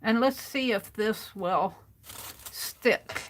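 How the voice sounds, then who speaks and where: Muttering to herself at an easy pace, a woman with a medium-pitched voice works through a casual crafting livestream. Slight background noise is present, and she occasionally drifts from the microphone.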